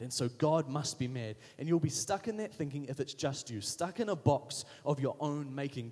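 Husky-voiced preacher in a reverberant hall. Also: male voice, fairly high pitch, darkish tone. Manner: emphatic, repetitive preaching with punchy short phrases. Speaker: pastor. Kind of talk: sermon.

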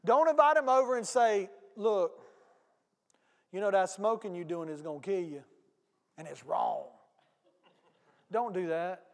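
A pastor with a notably high voice tells a story from the pulpit, folksy and animated, talking straight to his congregation. His voice rings out with a long reverb from a big church hall. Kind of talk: storytelling sermon. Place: church sanctuary.

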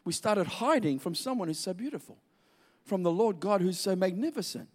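A man's voice: sits high, lively intonation, brisk. A man preaching a sermon in an emphatic, repetitive way, drawing out key words.

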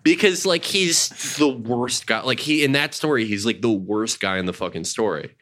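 A man's voice: mid-range voice, moderate pace, a bit bright. A man in casual conversation, talking animatedly about old stories, swearing freely and acting out quotes. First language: Jewish identity not a language. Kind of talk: casual chat.

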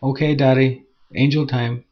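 A man voicing an excited little girl in a story reading, her lines eager and pleading, on a dull lo-fi recording. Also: medium pitch, normal speed, pitched above the performer's own voice, natural voice.

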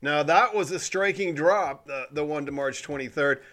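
A man hosting a weekly commentary show, talking in a sarcastic, cynical tone with animated emphasis. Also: fairly high pitch, moderate pace. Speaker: podcast host. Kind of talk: sardonic commentary monologue.

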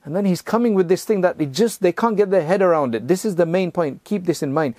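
A man's voice: high voice, fast talker, dark tone, no room sound, studio quality. A man giving a conversational religious lesson, explaining step by step, often checking in with "right?" and "you know", and sometimes chanting verses in Arabic. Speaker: Islamic teacher.

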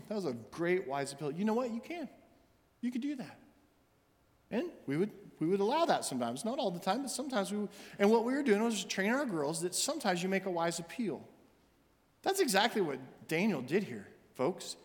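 A middle-aged minister preaches in a bright, high voice, driving his points home with short, punchy, repeated lines. His sermon rings out with a long reverb through a church sanctuary. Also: animated, normal speed. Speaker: senior minister.

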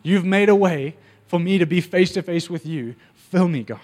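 A man preaching a sermon, telling stories with animated energy and acting out the voices. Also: sits high, moderate pace.

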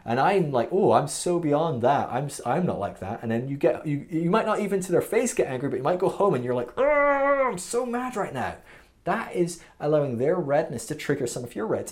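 A man's voice: mid-range voice, darkish tone. Earnest man teaching with many "okay?" checks. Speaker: podcast host teaching a spiritual growth model. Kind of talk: casual teaching monologue.

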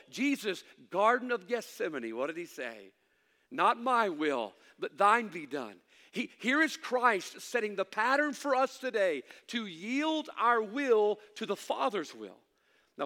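A middle-aged man preaching a sermon as pastor, swinging from loud emphatic lines to hushed asides, with folksy humor. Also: sits high. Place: church sanctuary. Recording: long hall reverb.

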